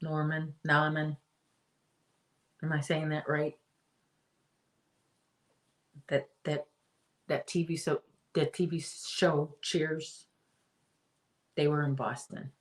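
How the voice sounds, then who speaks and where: A woman's voice: low-pitched, flat delivery, slow pace, long pauses. A middle-aged woman hosting a casual live-stream chat from home, rambling and reading out viewer comments. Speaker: host.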